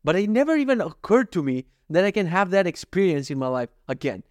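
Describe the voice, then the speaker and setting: A man's voice: sits high, sing-song, brisk, dry recording, studio quality. A man in his thirties talking in a casual diary vlog, rambling, profane and self-mocking. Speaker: vlogger.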